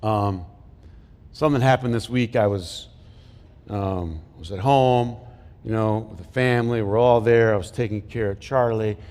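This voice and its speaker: A man's voice: lowish voice, moderate pace, darkish tone, clean tone. A middle-aged male pastor preaching a conversational sermon, joking and asking the congregation questions as he goes. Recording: long hall reverb from a church sanctuary.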